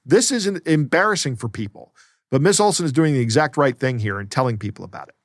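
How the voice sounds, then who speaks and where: A man's voice: medium pitch, animated, fast, no room sound. A man co-hosting a podcast in casual chat, with dry, wry humor. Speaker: podcast co-host.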